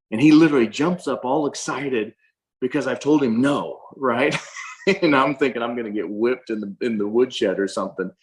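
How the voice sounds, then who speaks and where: A man's voice: medium pitch, poor audio. A man on a video call, earnestly recounting a spiritual experience in a casual way, often restarting his sentences. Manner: earnest storyteller with frequent restarts.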